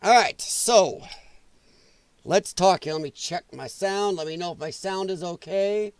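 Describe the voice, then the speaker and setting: A man hosting a casual reaction livestream, his voice strained and damaged from breathing trouble, blunt and opinionated and quick to swear. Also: sits high, smooth, no echo. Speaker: livestream host.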